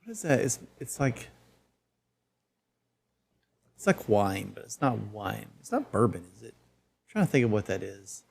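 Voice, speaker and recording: Male co-host, low gravelly voice with a husky edge, laid-back short quips. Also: very animated, unhurried, long pauses, a little mellow. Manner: laid-back, brief interjections and questions. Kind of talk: casual chat.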